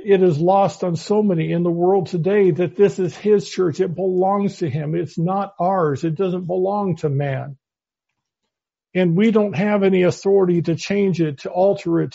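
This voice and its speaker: A man leads a Bible study in a measured sermon style and quotes long scripture passages. His voice sits a little high for a man. The recording sounds dull and lo-fi. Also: creaky, warm tone, slightly rough. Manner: measured, quoting scripture at length. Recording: muffled lo-fi audio.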